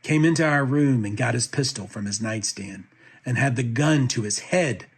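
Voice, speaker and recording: A man reading a court petition aloud as a commentator, with a steady, even delivery. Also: medium pitch, moderate pace, breathy edge.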